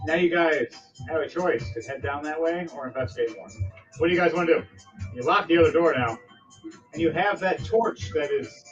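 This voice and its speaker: A man narrating a tabletop role-playing game as game master, animated and laughing often, with casual swearing. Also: fairly high pitch. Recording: dull lo-fi audio with faint music.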